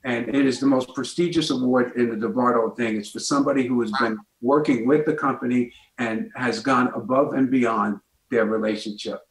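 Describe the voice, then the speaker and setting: A man's voice: mid-range voice, fairly even intonation, a little fast, hardly any pauses, echoey room, poor audio. A man, a guest comedian telling a story on a talk show and acting out the voices in it.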